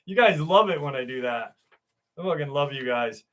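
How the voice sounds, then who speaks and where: A man's voice: a little high, animated, normal speed, fairly bright tone. A man hosting a live stream, reading out viewer comments in loose, chatty, sometimes profane talk, often laughing.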